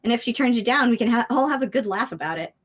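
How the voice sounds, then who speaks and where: A woman's voice: fairly high pitch, lively intonation, fast talker. A woman voicing a playful, affectionate big sister, reading game dialogue in a teasing way. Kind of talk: reading visual novel lines aloud.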